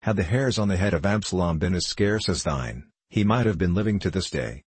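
A man voicing a loud, blustering, joking sleigh driver in a storybook reading. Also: low-pitched, expressive, brisk, breathy edge, no room sound. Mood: teasing.

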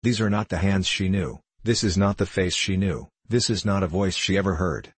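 Man reads broken old male prisoner: dazed, halting, low and husky. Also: no echo. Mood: dazed, bewildered. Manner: halting, bewildered questions.

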